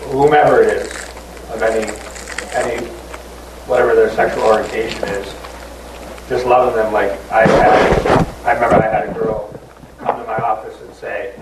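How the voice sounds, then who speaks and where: A man in a discussion group sharing a personal story, halting, with many fillers and restarts. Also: fairly low pitch. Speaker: group member. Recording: roomy and distant with background noise.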